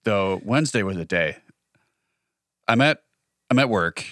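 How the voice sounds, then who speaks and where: A man's voice: on the low side, lively intonation, unhurried, fairly bright tone, no echo. A man co-hosting a podcast in casual chat, a dry storyteller who throws in quips and mock voices. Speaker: podcast co-host.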